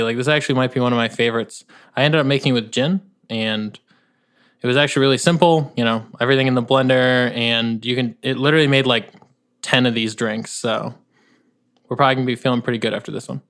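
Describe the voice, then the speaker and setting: A man's voice: medium pitch, steady tone, quick pace, a bit bright. A man co-hosting a podcast, easygoing and chatty, letting sentences trail off. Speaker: podcast co-host. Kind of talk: casual podcast chat.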